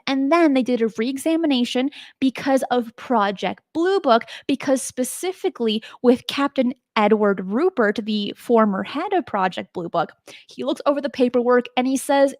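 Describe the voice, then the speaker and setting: A woman's voice: a little high, lively intonation, moderate pace, darkish tone, dry recording, clean studio sound. A woman hosting a show on strange cases, telling them in a chatty, emphatic way and putting rhetorical questions to her listeners. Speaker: host. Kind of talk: casual spoken narration of paranormal cases.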